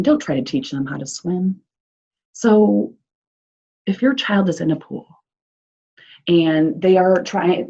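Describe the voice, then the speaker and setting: An early childhood social worker with a Midwestern American accent gives an upbeat, encouraging recorded presentation to parents, chatty and full of fillers. Her voice is fairly low, a little mellow, and breathy, captured in a dull lo-fi recording.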